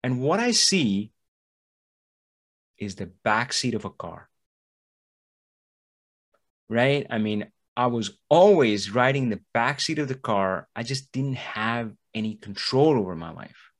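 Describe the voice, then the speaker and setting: A man's voice: medium pitch, slow, long pauses. A man hosting a podcast, talking in a motivational monologue and acting out the voices of the people he quotes. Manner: animated, acts out quoted voices. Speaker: podcast host. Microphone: studio mic, audio only.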